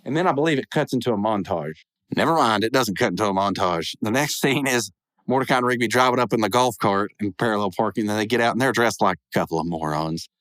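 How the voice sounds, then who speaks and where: A man's voice: lowish voice, fast, fairly bright tone, dry recording. A man hosting a podcast, casually recapping a cartoon episode with rambling, chuckling asides. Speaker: podcast host.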